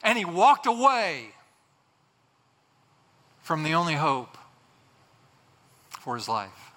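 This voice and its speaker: Emphatic preacher man, bright voice. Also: on the high side, big pitch swings, slow. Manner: emphatic, repeating phrases for effect. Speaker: pastor. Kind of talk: sermon. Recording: long hall reverb.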